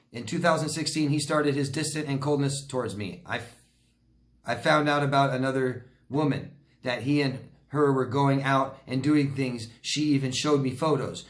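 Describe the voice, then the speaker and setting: Man, relationship coach, blunt advice, animated, echoey room. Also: medium pitch. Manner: blunt, animated, acts out quoted people. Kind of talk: Q&A advice talk.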